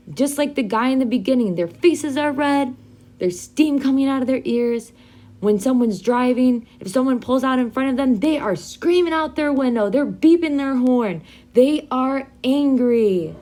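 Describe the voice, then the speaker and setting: A young adult woman teaching an English vocabulary lesson to learners, modeling phrases slowly and clearly for them to repeat. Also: fairly high pitch, a little mellow.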